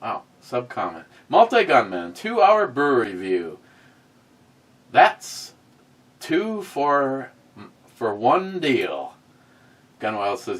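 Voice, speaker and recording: A man's voice: medium pitch, big pitch swings, slow, fairly bright tone, far from the mic. A man hosting a casual livestream, reading viewer comments aloud with sarcastic, rambling asides and many fillers. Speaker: host reading live chat.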